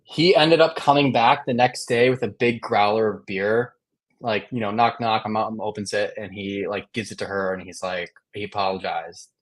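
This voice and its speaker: A man's voice: lowish voice, fairly even intonation, moderate pace. A man from Illinois, a guest on a live stream, telling rambling stories with dry jokes and many fillers. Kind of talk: casual live-stream chat.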